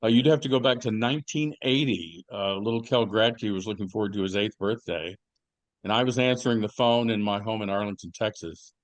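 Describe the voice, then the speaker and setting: In a fairly quick delivery with no echo, a man with a fairly low-pitched voice co-hosts a podcast. His talk is casual chat, full of rambling stories, fillers and false starts.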